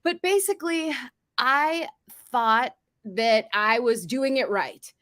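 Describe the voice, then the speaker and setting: A woman in her forties tells her own story as a guest author. She talks easily and laughs often, with a fairly high voice. The sound is dry and close. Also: expressive, slow, fairly bright tone, no room sound. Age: 40s. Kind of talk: casual interview.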